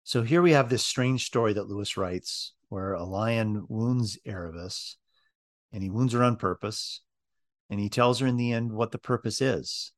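A man gives a reflective sermon, breaking up his thoughts with ums and uhs. His voice is lowish and steady. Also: normal speed. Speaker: preacher. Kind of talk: sermon with read-aloud passages.

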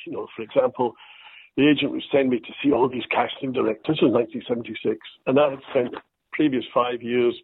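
Older scottish guy telling showbiz stories, self-mocking, husky voice, sounds like a phone line. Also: mid-range voice. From Scotland. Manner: storytelling, self-deprecating, quotes others in lively voices. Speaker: actor guest. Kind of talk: anecdotal interview chat. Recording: dry tinny phone-like line.

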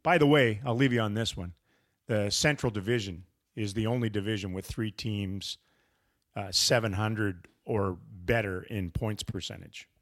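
A man's voice: fairly low pitch, normal speed. A man hosting a casual sports podcast, talking in a wry, teasing, rambling way. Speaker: podcast host.

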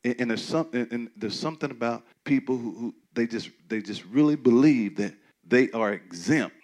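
A man preaching a sermon as pastor, talking to the congregation in a conversational way with many restarts, dropping to quiet asides and rising to loud, emphatic declarations. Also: mid-range voice, expressive, moderate pace. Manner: frequent stammering restarts.

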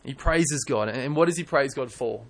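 A young man preaching a sermon in church, earnest and animated, often restarting his words. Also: mid-range voice, moderate pace, creaky. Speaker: pastor.

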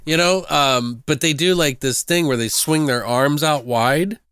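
A man's voice: a little high, unhurried, fairly bright tone, clean tone, no room sound, studio quality. A man co-hosting a podcast in casual chat, joking, swearing freely and laughing often. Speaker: podcast co-host.

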